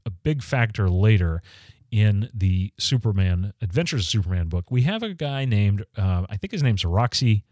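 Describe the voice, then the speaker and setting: Low-voiced man casually reviewing comics. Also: big pitch swings, normal speed, darkish tone, dry recording, clean studio sound. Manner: conversational, frequent ums and restarts. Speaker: podcast host reviewing comics.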